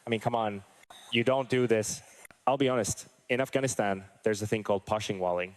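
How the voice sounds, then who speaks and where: A man's voice: on the low side, fairly quick. A male military veteran in a street interview, talking earnestly and hesitantly, thinking aloud as he goes.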